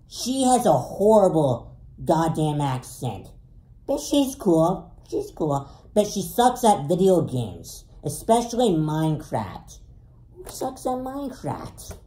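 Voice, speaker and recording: A man from Canada hosting a crude comedy video, showing off photos of friends with drawn-out delivery, swearing and sudden shouts. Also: sits high. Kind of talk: comedic show-and-tell monologue. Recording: echoey room.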